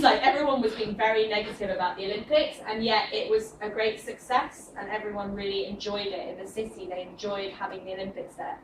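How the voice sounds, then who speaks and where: A woman's voice: mid-range voice, steady tone, brisk, few pauses. A young British woman with a British English accent giving a chatty, upbeat classroom presentation to students and laughing easily. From United Kingdom. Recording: roomy, distant, noisy room.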